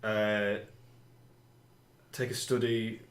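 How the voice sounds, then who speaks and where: A man's voice: fairly low pitch, level tone, drawn-out words, reverberant. A man playing a tabletop game, chatting casually about his dice rolls. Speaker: player.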